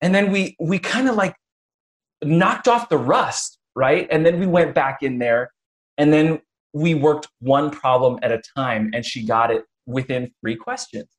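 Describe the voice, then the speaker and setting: A podcast host with a fairly high voice runs a casual interview and tells energetic stories. He acts out quotes by slipping into other people's voices, restarting quickly and saying "you know" a lot.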